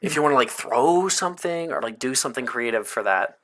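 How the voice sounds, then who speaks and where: A man running a tabletop role-playing game, narrating and guiding players in a relaxed way with frequent hesitations. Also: medium pitch, a little fast, slight background noise. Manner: casual, hesitant with many fillers. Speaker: game master.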